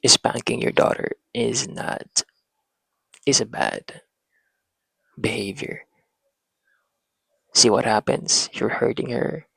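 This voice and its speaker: Man, slow parenting-talk host, gravelly husky voice, dry close mic. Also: fairly low pitch, bright, forceful tone, dry recording, rough recording. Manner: talks to himself, pauses and restarts. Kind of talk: slow reflective monologue.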